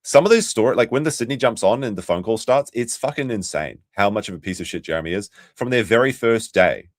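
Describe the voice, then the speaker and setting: A man's voice: lowish voice, expressive, fast, dry recording, clean studio sound. A man hosting a casual commentary stream, ranting and swearing freely. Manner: profane, ranting. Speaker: stream host.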